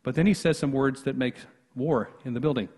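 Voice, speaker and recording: A husky-voiced male pastor preaching in a conversational way, full of asides and false starts. His voice rings out with a long church reverb around it, and he speaks at an ordinary middle pitch. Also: brisk, darkish tone. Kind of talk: sermon. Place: church sanctuary.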